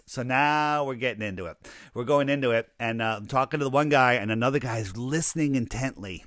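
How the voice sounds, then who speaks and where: A man's voice: mid-range voice, quick pace, a bit bright, no echo, studio quality. A man co-hosting a casual podcast chat, telling an anecdote and acting out the people in it. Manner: storytelling, acts out quoted people. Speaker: podcast co-host.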